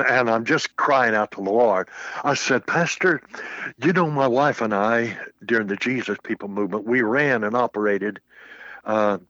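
A man's voice: mid-range voice, no echo. Older male minister telling a story. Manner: animated anecdote with acted-out quotes. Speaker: Baptist minister. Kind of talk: storytelling in casual conversation. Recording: muffled, dull audio.

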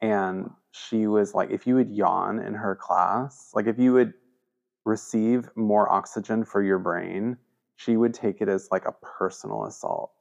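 A man's voice: on the low side, a little slow, creaky. A man hosting a podcast, telling stories in a casual way. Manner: storytelling, quotes people in animated voices. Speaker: podcast host. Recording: dull lo-fi podcast audio.

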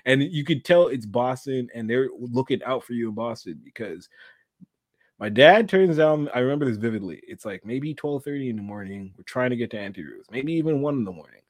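A man from Canada telling a story in casual podcast chat, animated and laughing often. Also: medium pitch, no room sound, studio quality.

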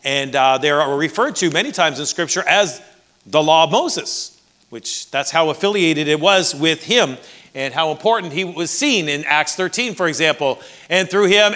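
A man's voice: on the high side, pushed and bright. A man with a Canadian accent preaching a sermon as pastor, conversational with dry jokes.

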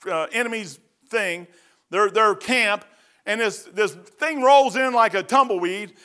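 High, bright-voiced preacher. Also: male voice, a little fast. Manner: folksy, rambling, swings from loud to hushed. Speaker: pastor. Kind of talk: storytelling sermon.

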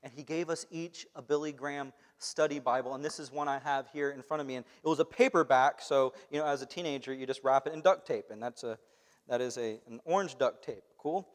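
A young man giving a conversational sermon in a church hall, moving between quiet asides and loud, emphatic bursts. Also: mid-range voice, brisk. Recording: long hall reverb.

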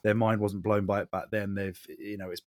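A man's voice: lowish voice, level tone, a little fast, darkish tone, dry recording, clean studio sound. A man hosting a podcast in casual chat, with sweary, mock-grumpy banter. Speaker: podcast host.

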